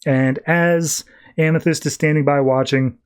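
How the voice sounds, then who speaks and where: A man's voice: fairly high pitch, fairly even intonation, unhurried, clean tone. Chatty male podcaster recapping comics. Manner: chatty, acts out quotes with "he's like". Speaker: podcast host.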